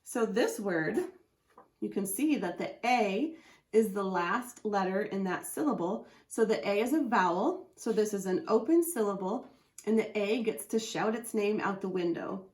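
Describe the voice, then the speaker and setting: A woman's voice: mid-range voice, expressive, darkish tone. Patient woman teaching phonics, echoey room. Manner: patient, slowly sounds out letters and syllables. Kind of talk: phonics lesson explaining a chart.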